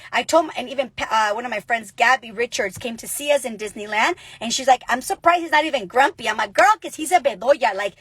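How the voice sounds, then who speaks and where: A woman coaches her followers in a lively, chatty vlog, full of animated stories and pep. Her voice sits high with a husky edge. The sound is dry and close to the mic. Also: no echo. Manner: energetic, chatty, animated storytelling. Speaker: network marketing coach. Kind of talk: motivational casual vlog.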